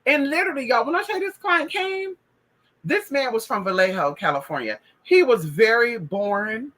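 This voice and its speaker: A woman's voice: on the high side, animated, moderate pace, a bit bright, low-quality recording. A woman telling a spiritual story in casual talk, sassy and full of profanity. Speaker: spiritual practitioner.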